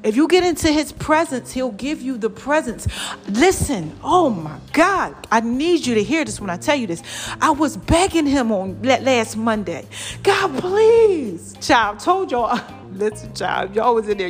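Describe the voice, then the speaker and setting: A woman vlogger giving lively, preachy motivational talk straight to her viewers. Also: fairly high pitch, normal speed, faint music behind. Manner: lively and preachy, calls viewers "child" and "y'all".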